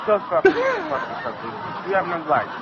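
A man making a prank call who repeats his lines deadpan. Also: sits high, moderate pace, vocal fry, muffled recording, a crowd in the background. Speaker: prank caller. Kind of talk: casual radio banter.

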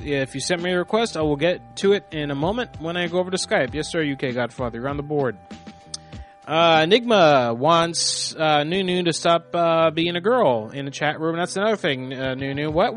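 A man's voice: on the high side, a bit bright. A man hosting a live call-in prank show, talking in a rambling, off-hand way with some swearing. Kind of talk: casual live-stream talk.

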